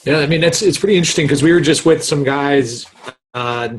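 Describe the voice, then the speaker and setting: Husky man hosting a podcast. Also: a little high, a little fast. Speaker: podcast host. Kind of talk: casual chat.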